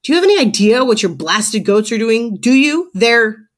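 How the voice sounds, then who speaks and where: A woman voicing a red-faced male neighbor who shouts and sputters with anger, in a read-aloud storybook. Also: extremely high pitch, sing-song, moderate pace. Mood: angry.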